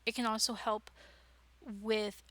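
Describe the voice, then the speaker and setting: A woman's voice: a little high, flat delivery, slow, sharp tone. A woman giving an informal writing workshop, chatty and enthusiastic, with frequent digressions. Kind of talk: informal lecture.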